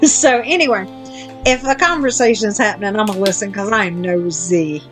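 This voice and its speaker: A woman's voice: mid-range voice, a little fast, a bit bright, faint music behind. A woman podcast host telling a long story in casual chat, blunt and self-deprecating, with casual swearing.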